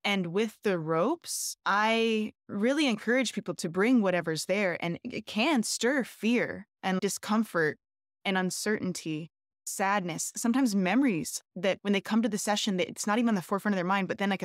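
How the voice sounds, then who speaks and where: In a conversational interview, a woman who is a shibari rope artist speaks openly and earnestly about her work as a guest. She often restarts her phrases and uses "like" a lot. Her voice is medium-pitched, recorded dry with clean studio sound.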